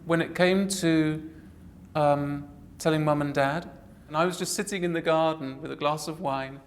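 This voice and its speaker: A woman in her forties, an actress in an interview, speaking earnestly and reflectively with frequent halting restarts. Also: sits low. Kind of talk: personal interview storytelling.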